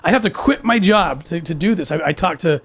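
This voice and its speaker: A male guest telling a personal story in a halting way, repeating words and laughing between phrases. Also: fairly high pitch, expressive, dry recording. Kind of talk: emotional storytelling.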